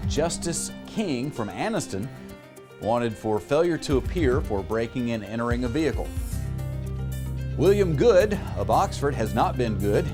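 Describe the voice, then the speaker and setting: A man hosting a local crime segment, reading a wanted list briskly with a light joking touch. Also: medium pitch. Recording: music bed underneath.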